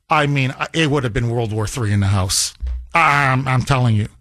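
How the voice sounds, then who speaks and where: Animated male radio host. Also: on the high side, moderate pace, dry recording, clean studio sound. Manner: animated storytelling. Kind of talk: talk radio monologue.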